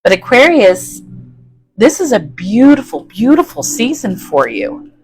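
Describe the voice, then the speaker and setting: A woman's voice: on the high side, big pitch swings, a little slow, soft background music, rough recording. A woman giving a chatty, folksy tarot reading to her viewers, often checking in with "okay?". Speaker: tarot reader.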